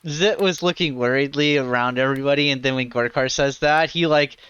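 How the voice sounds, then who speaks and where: A man's voice: medium pitch, a little fast, fairly bright tone, smooth, no room sound. A man narrating a tabletop game as dungeon master, rambling with lots of fillers. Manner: rambling, heavy on fillers like "like" and "you know". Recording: dull lo-fi sound.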